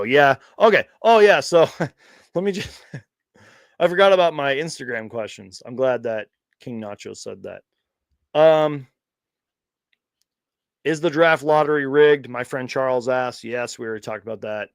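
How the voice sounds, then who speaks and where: A man with a mid-range voice hosts a casual live Q&A stream for fans, chatting and rambling, frequently restarting sentences and laughing along. The audio is studio quality, with no room sound.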